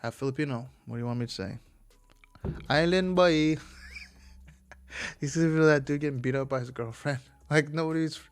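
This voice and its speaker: A man's voice: mid-range voice, fairly even intonation, fast, smooth. Rambling, profane male podcast host. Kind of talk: casual solo podcast commentary.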